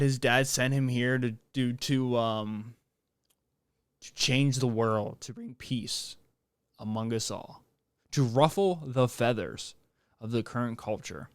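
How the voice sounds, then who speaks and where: Joking and backtracking mid-sentence, a young podcast host rambles casually on his own. He speaks at medium pitch in a smooth voice, captured cleanly in a studio with no echo.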